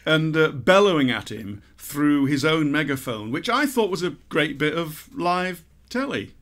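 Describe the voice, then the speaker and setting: A man's voice: fairly high pitch, sing-song, measured pace, a bit bright. A man from Britain hosting a podcast in casual chat, telling stories with fillers and asides. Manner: chatty, storytelling, hedging with fillers. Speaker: podcast host.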